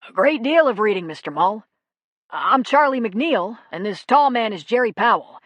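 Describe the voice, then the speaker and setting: A woman reading aloud, voicing a kindly male nurse who speaks politely and gently reassures. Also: fairly high pitch, animated, moderate pace, no room sound, voice pushed up. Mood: reassuring.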